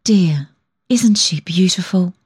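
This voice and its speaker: A woman's voice: fairly low pitch, expressive, slow, husky, heavily acted. A woman reading an audiobook, voicing a kind young man who speaks in a tender, soothing way. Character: gentle, loving young man, steady and kind. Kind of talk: audiobook dialogue.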